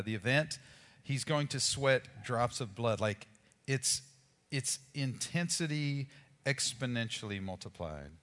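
A man preaching a sermon as pastor, in a conversational, animated way with casual asides to the congregation. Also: medium pitch, in a large hall.

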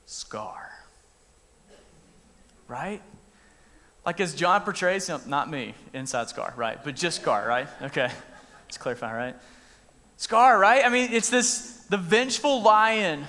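A man preaches in a loose, conversational way, with a voice sitting a bit high for a man. He acts out the scenes as he talks. His voice rings out with a long reverb in a large room. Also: big pitch swings, measured pace, long pauses, sharp tone. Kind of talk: casual sermon.

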